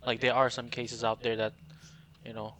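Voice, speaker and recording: A man's voice: medium pitch, completely flat delivery, moderate pace, a bit bright, slight background noise. A man co-hosting a casual group podcast, chiming in easily with questions. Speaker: podcast co-host.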